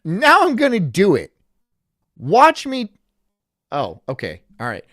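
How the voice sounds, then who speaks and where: A man's voice: sits high, wildly swooping pitch, slow pace, a bit bright, dry recording, studio quality. Rambling, self-mocking male streamer. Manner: rambling, self-mocking, laughs at own jokes. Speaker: streamer host. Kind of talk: casual live-stream chat reacting to a video.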